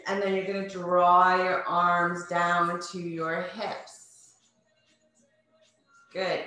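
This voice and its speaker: Woman fitness instructor, unhurried and encouraging, cueing breaths and moves, in a very echoey room. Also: mid-range voice, pushed and bright. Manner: encouraging, cues breathing and movement step by step. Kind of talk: guided home workout class. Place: home.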